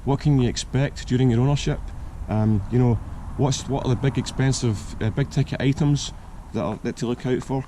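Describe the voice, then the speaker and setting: A man with a croaky voice from a cold, hosting and giving casual buying advice with lots of ums and restarts. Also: mid-range voice, steady tone, brisk, hardly any pauses, warm tone, a little hiss or hum. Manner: hesitant, many ums and restarts. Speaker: car channel host.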